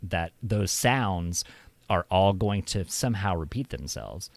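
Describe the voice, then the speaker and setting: An American man with a low, deep voice, talking casually on his stream. He wanders through ideas with plenty of restarts, and the sound is close and dry. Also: lively intonation, measured pace, gravelly, no room sound. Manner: rambling, restarts often. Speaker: streamer host. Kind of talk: casual chat.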